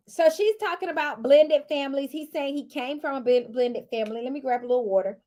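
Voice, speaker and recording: A woman's voice: high voice, normal speed, darkish tone. A woman vlogger giving sassy, chatty commentary with teasing asides. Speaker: show recap vlogger.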